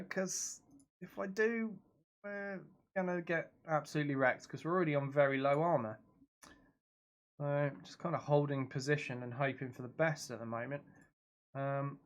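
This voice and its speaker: A man's voice: a little high, steady tone, normal speed. Chatty man streaming a game at home. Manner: chatty, reacts aloud to the game and reads out chat. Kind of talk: casual live-stream commentary. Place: home room at his streaming computer.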